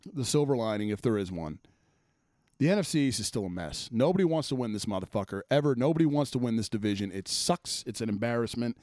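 A man's voice: medium pitch, a little mellow, no room sound, clean studio sound. A man hosting a sports podcast, ranting casually with plenty of swearing and exasperated asides. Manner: profane, exasperated, rambling.

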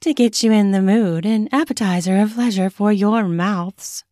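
A pleasant, welcoming woman offers hospitality in a warm, mellow voice in an audiobook reading, as a woman plays her. The sound is dry and close. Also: mid-range voice, normal speed, no room sound, natural voice. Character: friendly, welcoming woman at a party.

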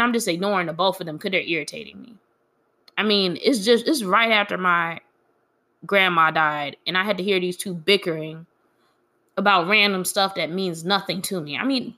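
A young woman with a bright, clear tone speaks frankly in a casual personal vlog. She is grieving, and her account comes across as candid and quietly aggrieved. Her pitch sits in an ordinary middle range for a woman.

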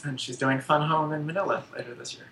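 A quick-talking woman with a bright voice, tossing in dry asides on a podcast. She sounds set back in a roomy, echoing space with faint noise. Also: low voice, steady tone. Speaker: podcast co-host. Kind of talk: casual chat. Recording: echoey room with faint noise.

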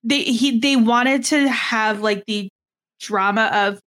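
A woman's voice: on the high side, takes it slowly, a bit bright. A woman co-hosting a podcast in casual chat, hesitant and full of fillers. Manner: hesitant, many fillers and restarts. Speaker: podcast co-host.

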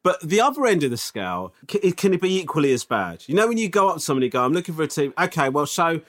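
A man, telling animated stories in a casual podcast chat and swinging into mock outrage. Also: a little high, very fast.

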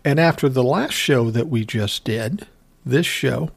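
A man's voice: mid-range voice, measured pace, vocal fry, husky. Profane older man hosting a podcast. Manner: rambling, profane, self-amused storytelling. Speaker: podcast host. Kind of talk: casual solo podcast talk.

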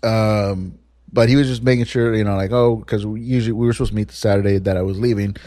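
Man, podcast host, solo monologue, rambling, candid, swears, low mellow voice, dry close sound. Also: fairly even intonation, racing, dry recording.

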